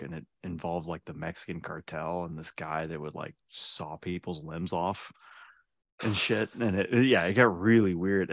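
A man's voice: low voice, dry recording. A man co-hosting a podcast, chatting casually and rambling, trailing off and laughing often. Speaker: podcast co-host. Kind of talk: casual chat.

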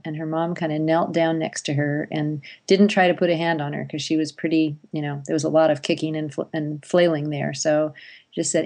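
A woman who is a parenting expert talks as a guest in a conversational interview, explaining ideas, telling stories, and acting out lines for parents and children. Her voice is low and a little mellow, with vocal fry.

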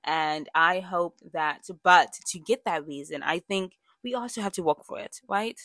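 Chatty young woman with a low, dry voice. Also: normal speed, sharp tone, no echo. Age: young adult. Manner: chatty and candid, with frequent fillers and self-corrections. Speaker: podcast host. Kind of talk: casual personal monologue.

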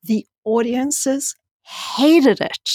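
A woman's voice: high voice, very slow, a little mellow, no echo, clean studio sound. A woman scientist speaking frankly and emphatically in a conversational interview. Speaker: senior scientist.

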